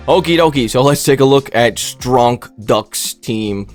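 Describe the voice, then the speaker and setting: A man's voice: mid-range voice, normal speed, faint music behind. A man casually commentating on his online game battles, joking and rambling with silly asides.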